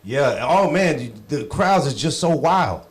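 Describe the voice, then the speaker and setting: A man's voice: a little high, very animated, a little slow. A man hosting a podcast in easygoing chat, chiming in often. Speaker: podcast host.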